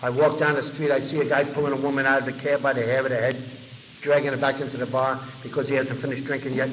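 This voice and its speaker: Recorded on a dull 1990 tape with long echo, this fast-talking New Yorker addresses a large convention hall as a recovery meeting speaker. He's an animated storyteller who voices other people's lines, his mid-range voice set against slight background noise.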